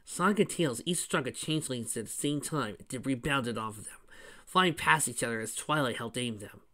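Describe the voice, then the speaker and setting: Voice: medium pitch, moderate pace, pushed and bright. A fan reader narrating a fan story and adding chatty asides. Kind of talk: reading fan fiction with commentary.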